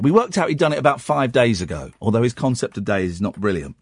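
A man's voice: mid-range voice, sing-song, quick pace, hardly any pauses, a bit bright, slightly rough, no echo, clean studio sound. A middle-aged man, a late-night radio host telling rambling family stories and acting out the dialogue. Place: radio studio.

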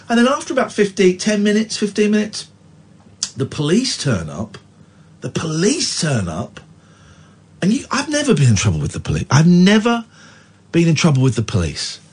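Brief: male radio host, husky voice, animated and swinging in pitch, emotional confessional storytelling. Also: normal speed. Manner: emotional, animated retelling with restarts. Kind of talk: candid storytelling chat.

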